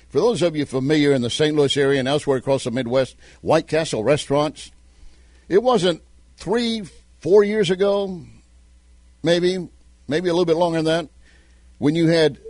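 A man's voice: fairly high pitch, darkish tone, no echo. A man with a Southern American accent hosting a talk radio show, reading sponsor spots and giving emphatic commentary. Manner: emphatic, repeats phone numbers slowly.

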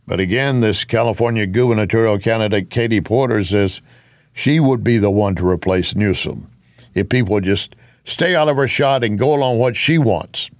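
A man's voice: lowish voice, normal speed, no room sound, clean studio sound. A man giving an opinionated political commentary monologue, with sarcastic asides.

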